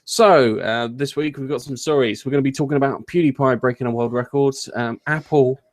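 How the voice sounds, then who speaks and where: A man's voice: mid-range voice, a little fast. A man hosting a casual gaming news chat, rambling, jokey and often interrupting himself. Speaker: host.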